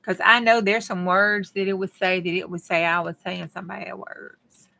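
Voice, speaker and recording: A middle-aged craft vlogger chats casually and folksily with her viewers while working on a craft project. Her voice is fairly low, steady, pushed and bright, at a moderate pace.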